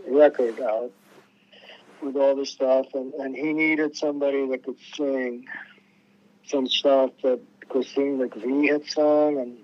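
A man's voice: mid-range voice, dull audio. A man, a musician guest in an interview, telling stories in a loose, rambling way with many restarts. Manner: rambling, restarts a lot, acts out quoted voices. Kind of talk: casual storytelling interview.

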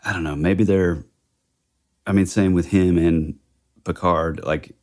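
A man's voice: low-pitched, fairly even intonation, measured pace, darkish tone. A man co-hosting a casual podcast, thinking aloud hesitantly with many fillers. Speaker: podcast co-host. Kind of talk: casual chat.

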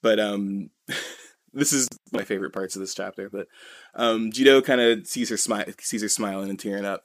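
A man's voice: on the low side, a bit bright, dry recording. A man co-hosting a podcast, chatting casually as he retells a chapter in a rambling way, full of "you know" and "kinda.". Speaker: podcast co-host. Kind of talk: casual chat recapping a manga chapter.

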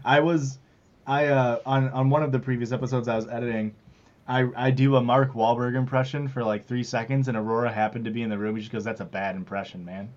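A man with a mid-range voice talks in a loose, rambling, joking way as he co-hosts a podcast. His audio is dull and lo-fi, because the wrong mic was picked. His pitch sits in the middle. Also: level tone, brisk, a little mellow. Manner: rambling, jokey, plugs the show. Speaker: podcast host. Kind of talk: casual podcast chat. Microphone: wrong mic picked by the recording software.

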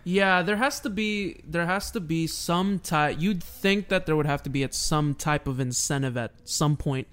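A young man chatting on a sports podcast. His voice sits a little higher than most men's. He talks in quick, playful, excitable bursts. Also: smooth. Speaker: podcast co-host. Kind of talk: casual sports podcast chat.

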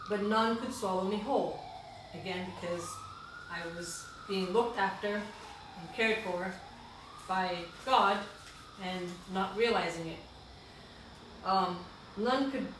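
An earnest woman reads her own reflective writing aloud as a guest, heartfelt and prone to quick asides. She sits well back from the mic in a strongly echoing room, with a faint hiss of background noise behind her. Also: medium pitch, recorded from a distance.

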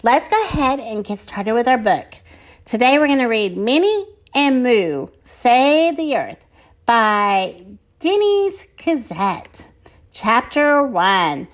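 A woman reading a children's chapter book aloud with expressive narration. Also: fairly high pitch. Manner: expressive and slow. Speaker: storybook reader.

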